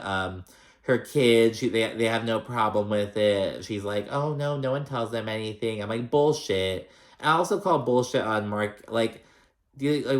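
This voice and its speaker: A man's voice: on the low side, fairly bright tone. A man casually recapping a reality show, chatty, sassy and profane, with many filler words. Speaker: recap vlogger.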